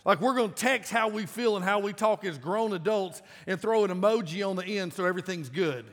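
Emphatic high-voiced male pastor preaching. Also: brisk. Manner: conversational and emphatic, with sudden loud bursts. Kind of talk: sermon. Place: large church auditorium. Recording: live church sound with long reverb.

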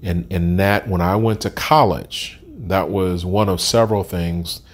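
A man's voice: sits low, unhurried. A man in his sixties telling his life story as an interview guest, candid and plain-spoken with frequent ums and restarts. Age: 60s.

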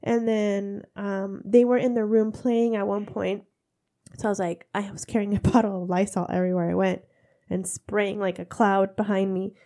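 A woman's voice: medium pitch, little pitch movement, normal speed, mellow. A woman in her thirties, congested, telling stories in a casual chat with frequent laughter. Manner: chatty, laughing storyteller.

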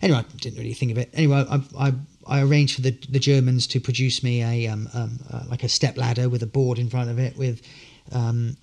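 A man's voice: medium pitch, level tone, fast, gravelly, few pauses, darkish tone. A man telling a long anecdote as a podcast guest, full of fillers and restarts. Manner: rambling storyteller, many fillers and restarts. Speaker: guest, street performer.

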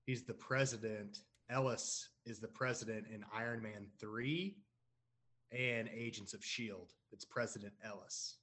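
Relaxed man in casual chat. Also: fairly low pitch, measured pace. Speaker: co-host.

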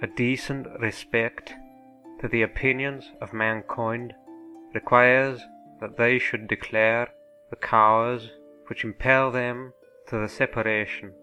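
A man slowly reciting a historic document in a reconstructed colonial Virginia accent, measured and deliberate. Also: mid-range voice, level tone, pushed and bright, faint music behind. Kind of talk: reading a historic document aloud.

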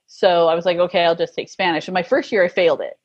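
A woman's voice: fairly low pitch, fairly even intonation, fast, dull audio. A woman telling stories in a casual interview, laughing often as she talks. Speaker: guest.

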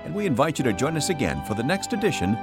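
A male radio announcer reading the program's intro and outro in a smooth, inviting way. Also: mid-range voice, very animated, rapid-fire. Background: instrumental music.

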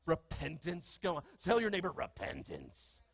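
A man preaching a lively sermon in a church, with call-and-response and playful asides to the congregation. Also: fairly high pitch, moderate pace, vocal fry. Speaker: pastor. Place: church sanctuary.

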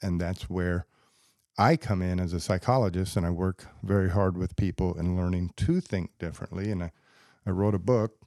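A man hosting a podcast alone as a psychologist, explaining ideas step by step in a steady, lecturing way. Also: sits low, moderate pace, dry recording, studio quality. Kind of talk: casual solo podcast talk. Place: podcast studio.

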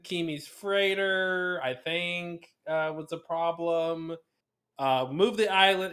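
A man's voice: fairly high pitch, steady tone, fairly bright tone. A man co-hosting a podcast in casual chat, joking around with puns and poking fun at himself. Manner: jokey, punning, quick to self-mock. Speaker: podcast co-host.

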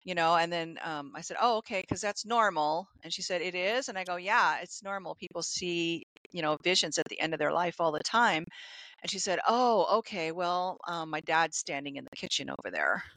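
A woman's voice: on the low side, moderate pace, a bit bright, no echo, low-quality recording. A woman who works as a hospice nurse, telling end-of-life stories in a casual, matter-of-fact podcast chat.

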